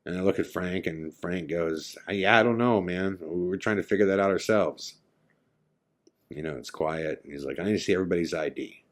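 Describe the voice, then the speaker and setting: A California podcast host tells a first-person ghost story with dramatic vividness, acting out his own lines and those of the other people in it. His low voice is steady, at a normal speed and with a darkish tone.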